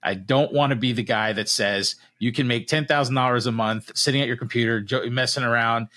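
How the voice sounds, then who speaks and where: A man's voice: medium pitch, fairly quick. A man hosting a business podcast, talking in a friendly, easygoing way as he closes out an interview. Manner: friendly, relaxed wrap-up with fillers. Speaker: podcast host.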